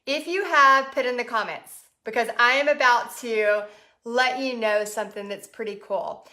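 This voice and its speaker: Chatty Texan woman host, bright slightly high voice, laughs often. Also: normal speed. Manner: chatty, laughs often, reads out viewer comments. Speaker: art business coach host. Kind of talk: casual livestream chat.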